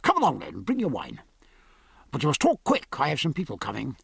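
A man reading as a loud, coarse elderly general. His brusque, scoffing voice leaps high in a lively, swooping way, and the sound is close and dry. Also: fairly quick, gravelly, breathy edge, dry recording, full character voice. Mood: blustering.

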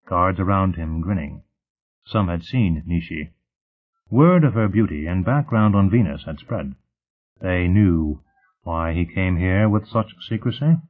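A man narrating an audiobook in a steady, measured reading voice, heard through tinny phone-like audio. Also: deep voice.

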